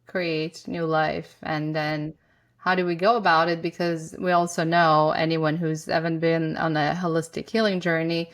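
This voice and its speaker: Woman, podcast host, thoughtful questions, very low voice, gravelly fry. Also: level tone, moderate pace. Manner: soft, thoughtful questions with "um" and "right". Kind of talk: conversational interview.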